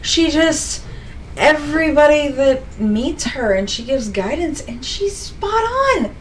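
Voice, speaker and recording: A woman hosting a live talk show, bubbly and quick to laugh. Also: sits high, very animated, a little hiss or hum, low-quality recording. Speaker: host. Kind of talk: casual chat. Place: studio.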